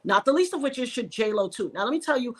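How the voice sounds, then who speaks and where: A woman from New York, a podcast guest, telling an emotional personal story and acting out the voices of the people in it. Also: quick pace. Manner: animated, reenacts dialogue with sharp pitch jumps.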